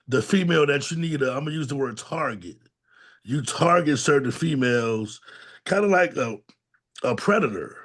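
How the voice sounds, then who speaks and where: A plainspoken man speaks bluntly and candidly, his voice sitting at an ordinary middle pitch. He talks in casual slang, tells his story as a talk show co-host, and breaks into quoted voices as he goes. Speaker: podcast co-host and domestic violence advocate. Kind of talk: candid conversational testimony.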